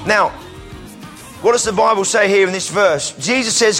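A man preaching an energetic sermon in church, calling volunteers up and sometimes breaking into shouts. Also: high-pitched, normal speed, long pauses, soft background music. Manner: energetic, calls out to the crowd, bursts into shouts.

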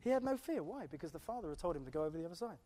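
A woman's voice: on the low side, sing-song, racing, warm tone. A woman preaching a sermon, impassioned and emphatic, often stumbling into repeated restarts.

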